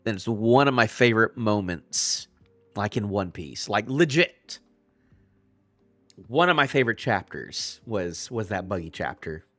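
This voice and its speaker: A man reacting live to a manga chapter, rambling and restarting his sentences as he gets excited. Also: lowish voice, measured pace, no room sound, soft background music.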